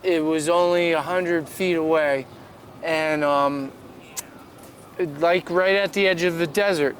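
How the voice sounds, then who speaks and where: A man improvising a silly comic story with halting, filler-filled talk, outdoors in a park. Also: a little high, fairly even intonation, slight background noise.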